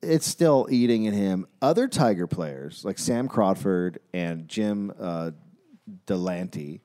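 Lively-pitched male comic storyteller. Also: slow. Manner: deadpan narration broken by jokey asides. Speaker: podcast co-host telling a history story. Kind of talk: comedic storytelling chat.

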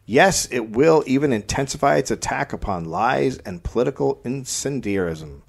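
Lively comedic male podcast host. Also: mid-range voice, normal speed, creaky. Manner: reads sources aloud, dry jokey asides. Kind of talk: comedic history podcast, reading quotes.

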